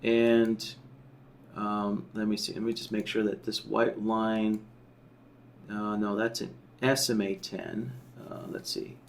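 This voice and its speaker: A man teaching a software tool in a screen-share tutorial, explaining step by step and often checking in with "right?" while he thinks aloud. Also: lowish voice, level tone, takes it slowly, gravelly, a little hiss or hum. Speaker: software trainer.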